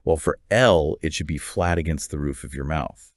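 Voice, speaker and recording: A man co-hosting an educational podcast, explaining in a calm, steady way and often agreeing with his partner. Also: rumbling low, normal speed, creaky, no room sound, clean studio sound. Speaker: podcast co-host.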